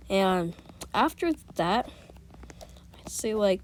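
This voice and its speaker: A woman's voice: mid-range voice, normal speed, a little mellow, a little hiss or hum. A woman casually telling a made-up fan story, rambling with restarts and whispered asides.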